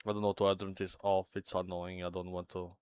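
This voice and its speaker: A man's voice: sits low, flat delivery, fairly quick, a little mellow, clear, resonant tone. A man hosting a livestream, chatting casually with his viewers in a rambling, self-interrupting way and sounding a little anxious. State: a bit anxious. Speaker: livestream host.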